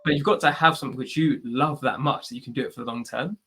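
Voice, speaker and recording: A man's voice: mid-range voice, fast, a bit bright, slightly rough, faint music behind. A British man who hosts a podcast, answering questions on a video call in a chatty, advice-giving way, often adding "like" and "right?". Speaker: podcast host. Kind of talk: live online Q&A answer.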